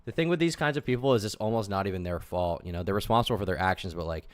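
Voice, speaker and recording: A man streaming live, reacting to a video with blunt, scoffing remarks and reading messages aloud in a flat mutter. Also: low-pitched, racing, clear, resonant tone. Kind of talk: casual live-stream commentary.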